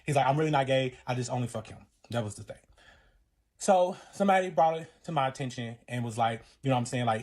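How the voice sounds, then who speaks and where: A man's voice: fairly low pitch, a little mellow, husky. A man casually telling a personal relationship story, rambling and profane, acting out other people's lines along the way. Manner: profane, rambling retelling full of fillers and acted-out quotes.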